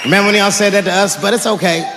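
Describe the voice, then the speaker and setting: Gravelly male comic on a live stage. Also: high voice. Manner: deadpan, drawn-out punchlines, profane. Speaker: stand-up comedian. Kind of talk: stand-up comedy set. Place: stage in a large hall before a live audience. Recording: echoey hall, crowd noise. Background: audience laughter and murmur.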